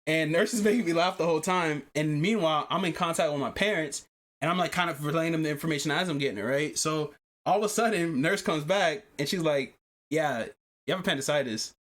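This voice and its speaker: A man's voice: fairly high pitch, fairly quick, fairly bright tone. A man hosting a casual podcast, telling a story with lots of swearing and laughing as he goes. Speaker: podcast host.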